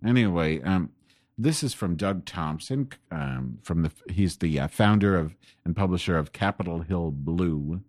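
Male host, very low voice, rambling profane political rant at his home desk. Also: expressive, a little slow, a little mellow, no room sound, studio quality. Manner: rambling, profane and increasingly angry. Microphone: desk microphone pointed at keyboard.

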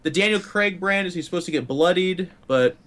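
A young man chatting casually on a podcast, telling stories in an animated, joking way. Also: high-pitched, a little fast. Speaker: player and co-host. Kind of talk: casual chat.

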